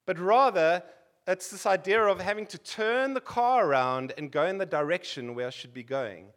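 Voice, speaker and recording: A man's voice: high voice, normal speed, fairly bright tone. A South African man in his forties preaching a sermon to a congregation, chatty and joking with the room. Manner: conversational, joking asides with the congregation.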